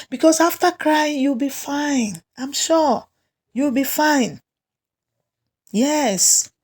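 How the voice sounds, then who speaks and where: Slow, gentle woman coaching. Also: high voice. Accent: Nigerian English. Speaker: self-help coach. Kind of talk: guided self-help lesson.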